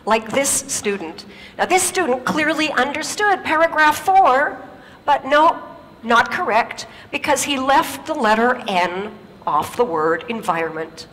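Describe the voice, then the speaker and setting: A native English-speaking woman giving a lively stage talk, telling stories and putting questions to the audience. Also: high voice, a little slow, long reverb tail.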